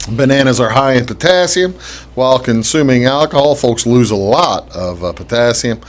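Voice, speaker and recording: A man hosting a casual talk show, chatting in a halting way with many fillers and restarts. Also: medium pitch, lively intonation. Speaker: host. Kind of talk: casual radio-style talk show chat.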